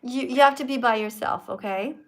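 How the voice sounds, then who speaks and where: A woman's voice: a little high, fairly quick. A woman hosting a livestream, lecturing her viewers in an emphatic, preachy, teacherly way. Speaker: livestream host and vegan activist.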